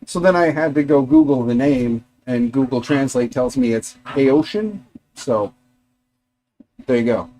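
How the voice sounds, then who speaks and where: A man's voice: mid-range voice, big pitch swings, measured pace, creaky, dark tone. A middle-aged man hosting a casual livestream from his garage workshop, rambling chattily and talking to his dogs and viewers. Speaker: livestream host.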